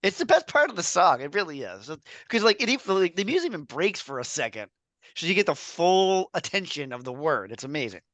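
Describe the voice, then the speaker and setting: A man's voice: fairly high pitch, big pitch swings, brisk, a bit bright, no echo, highs cut off. A man co-hosting a podcast who wonders aloud and makes emphatic points in casual chat. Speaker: podcast co-host.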